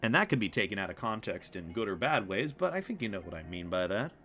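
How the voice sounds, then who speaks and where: A man's voice: fairly low pitch, sing-song, quick pace, bright, forceful tone. A young man chatting casually on a livestream, rambling and self-deprecating, with some swearing. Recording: music playing behind the voice.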